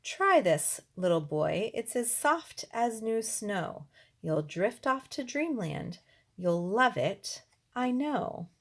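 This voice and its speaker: An eager, fawning peasant man from a storybook, as a woman reading aloud puts him on. He coaxes and persuades, his pitch lively and his words drawn out slowly. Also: full character voice. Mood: coaxing. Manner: coaxing, persuasive.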